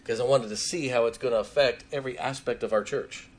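Preaching quickly at a medium pitch, a pastor brings his sermon to life with stories, voicing each person he quotes.

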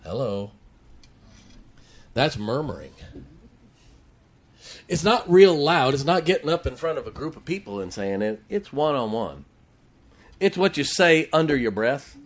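A man's voice: a little high, sing-song, normal speed, long pauses. A middle-aged man preaching a sermon, drawing call-and-response from the congregation and slipping in jokes. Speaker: pastor.

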